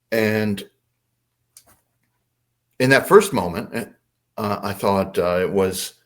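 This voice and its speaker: An older man, a podcast guest, telling a personal story in a casual, animated way. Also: fairly low pitch. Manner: animated, acts out voices in his anecdotes.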